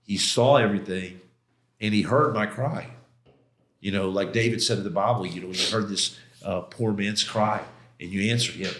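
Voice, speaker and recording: A man's voice: fairly low pitch, moderate pace, a bit bright, slight background noise. A middle-aged man telling a personal story as a podcast guest, with intense, emotional retelling, casual slang, and many quoted exchanges and restarts. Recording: roomy echo.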